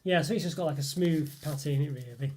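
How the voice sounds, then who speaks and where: A man with a slightly high, somewhat mellow voice speaks quickly while hosting a live stream where he reviews chocolate. He chats in a rambling way, reads out viewer comments, and fills his talk with fillers and chuckles.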